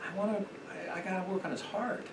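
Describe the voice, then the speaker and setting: A middle-aged man teaching a parenting class at church, talking conversationally with many fillers and acting out quick quotes. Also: sits high, fairly even intonation. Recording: echoey room, distant mic, noisy.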